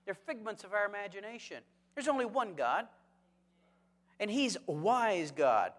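A pastor with a somewhat high voice delivers a sermon, firing rhetorical questions at his listeners and dropping in jokes. His voice rings out with a long hall reverb, as in a church sanctuary. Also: normal speed. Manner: lively, asks the congregation rhetorical questions; joking asides.

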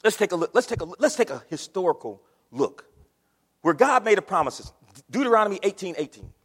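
A man delivers a sermon in a high, very lively voice. He swings from shouted lines to near-mutters. The sound carries a long reverb, as if from a big church sanctuary. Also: a little fast, husky. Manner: animated preaching, swings from shouting to low murmurs. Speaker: preacher. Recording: long reverb of a large hall.

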